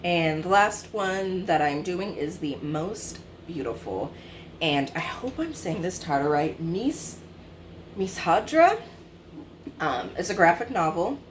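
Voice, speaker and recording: A woman's voice: sits low, expressive, a little slow, a little hiss or hum. A woman in her twenties chatting casually about books she has read, rambling with many fillers and self-corrections. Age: 20s. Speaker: book vlogger. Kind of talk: casual book review chat.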